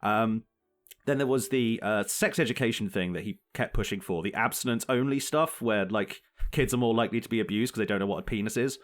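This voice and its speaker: A man's voice: on the low side, a little fast. Swearing man ranting on a podcast. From Britain. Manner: ranting, swears freely, laughs often. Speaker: podcast co-host. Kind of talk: casual chat.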